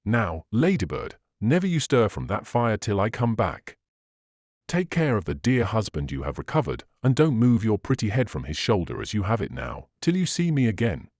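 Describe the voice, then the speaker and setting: Casting: male reader voicing a fussy, blunt Englishwoman companion, lively and dry-sounding. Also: on the low side, normal speed, no echo, heavily acted. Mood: brisk.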